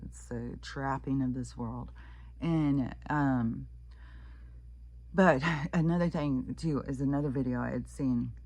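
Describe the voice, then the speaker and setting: A woman with a strikingly deep, husky voice talks through a loose, profane vlog monologue. She wanders from point to point, leaning on fillers and curse words. The sound is dry and close, with no room around it. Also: slow, dark tone, dry recording. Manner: profane, rambling, frequent fillers. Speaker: vlogger. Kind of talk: casual rambling monologue.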